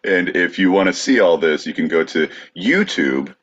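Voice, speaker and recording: Low husky podcast host, lively delivery. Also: male voice, moderate pace, highs cut off. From Brooklyn, New York. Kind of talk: casual podcast hosting.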